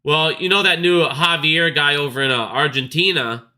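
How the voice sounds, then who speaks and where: A man's voice: fairly high pitch, normal speed, pushed and bright. A man hosting his own market video, ranting casually in a blunt, profane, scornful way. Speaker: stock market video host.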